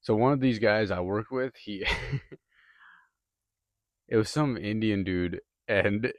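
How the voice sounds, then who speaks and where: Profane, rambling young man, low voice. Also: no room sound. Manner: rambling, profane, heavy on filler words. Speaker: podcaster. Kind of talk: casual monologue.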